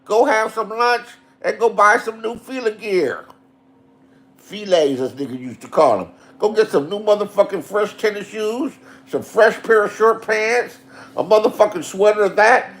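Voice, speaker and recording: A middle-aged man telling profane comic stories, animated, with big swings between loud and hushed, repeating lines for punch. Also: sits high, gravelly, slight background noise. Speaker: storyteller. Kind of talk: profane comedic storytelling.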